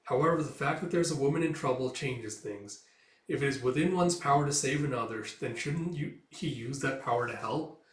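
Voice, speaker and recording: A man's voice: mid-range voice, fairly quick. A man casually retelling a comic, reading out the dialogue and leading each quoted line with "it's like.". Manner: chatty, leans on "it's like" to introduce quoted lines. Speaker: manga reviewer. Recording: roomy echo, voice heard from a distance.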